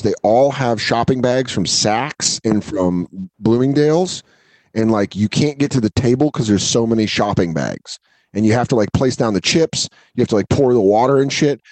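A man tells a long, animated story on a casual podcast. He swears freely and drops into quick impressions of the people he describes. His voice sits in a middle register, and the recording is dry and close. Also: medium pitch, dry recording. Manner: profane, animated, acts out the people in his stories. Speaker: podcast co-host, comedian.

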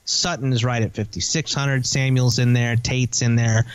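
A man's voice: medium pitch, flat delivery, smooth, no echo. A man co-hosting a podcast, chatting casually and teasingly while rattling off player names and prices. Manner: rambling, teasing, lists names quickly. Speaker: podcast co-host. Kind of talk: casual fantasy football chat.

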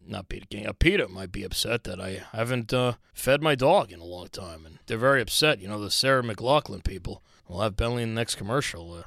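A man putting on a slow, deadpan voice of a stern male boss scolding with a memo. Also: on the low side, gravelly, no echo, studio quality, pitched below the performer's own voice. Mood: mock stern. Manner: slow, flat, hesitant scolding.

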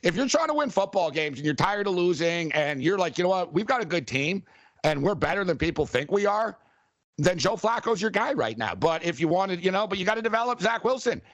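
Excitable dude chatting football, kinda high voice, dry sound. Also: male voice, fairly quick, no echo. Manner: animated, excitable storyteller. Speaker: sports show co-host. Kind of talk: casual sports talk.

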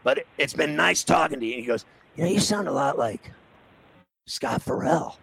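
A man's voice: a little high, expressive, moderate pace, gravelly, a bit bright, slightly rough, poor audio. A middle-aged man from New City, telling a casual anecdote and acting out the quoted dialogue. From New York City.

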